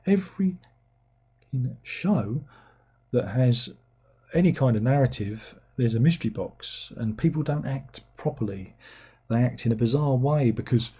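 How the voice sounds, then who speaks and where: A man's voice: medium pitch, moderate pace, mellow, breathy edge. A middle-aged man, hosting a livestream in casual chat. He rambles and mocks himself as he reads out viewers' comments. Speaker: livestream host.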